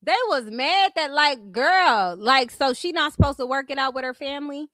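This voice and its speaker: A high-voiced woman with a Californian accent rants at her critics, blunt and full of profanity. She laughs them off between jabs. Her voice sounds close and dry, with no room around it. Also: measured pace, a bit bright, no echo. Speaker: YouTube commentary host. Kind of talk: ranting commentary vlog.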